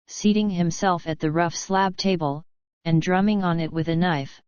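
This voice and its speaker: A woman narrating an audiobook in a steady, even reading. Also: lowish voice, a little slow, clear, resonant tone, no room sound. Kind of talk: scripted narration. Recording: dry, slightly dull studio read.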